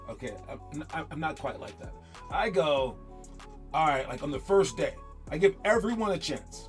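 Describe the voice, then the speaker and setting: A man's voice: a little high, expressive, a little slow, faint music behind. A man, a basketball coach, giving a casual motivational talk, rambling and repeating words as he acts out what others say.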